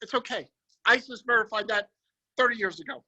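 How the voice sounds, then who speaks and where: A man leading a guided visualization on a group video call, energetic and emphatic, repeating his phrases. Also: extremely high pitch, brisk, lo-fi sound. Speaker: motivational speaker.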